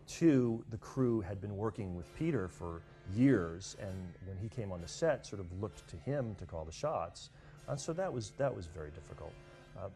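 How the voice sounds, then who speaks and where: A man's voice: low-pitched, dark tone. A man, a film director, thinking back in a documentary interview, with many restarts. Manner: thoughtful, with frequent restarts.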